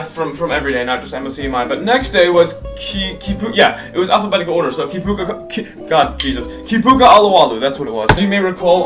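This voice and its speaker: A man's voice: sits high, distant mic. A teenage boy recapping a trip in a casual vlog, rambling, correcting himself and gushing about what he saw. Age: teens. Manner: rambling, self-correcting, enthusiastic. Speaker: vlogger.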